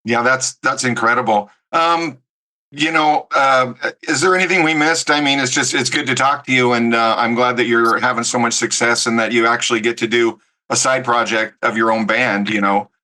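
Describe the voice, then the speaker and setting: Bright-voiced male radio interviewer. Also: mid-range voice, steady tone, normal speed, rough recording. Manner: brief affirmations, friendly questions. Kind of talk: casual interview.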